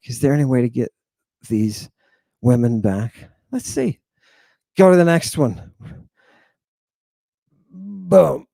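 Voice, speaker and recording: A man teaching an online language lesson in a playful, theatrical way, repeating each pronunciation slowly for the listener. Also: mid-range voice, very animated, vocal fry, mellow, no echo.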